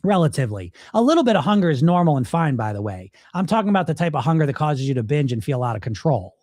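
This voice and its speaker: Man, weight loss coach, blunt, emphatic, slightly high voice, dry close sound. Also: very animated, quick pace, darkish tone, no room sound. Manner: blunt, emphatic, swears freely. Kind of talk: casual live Q&A coaching.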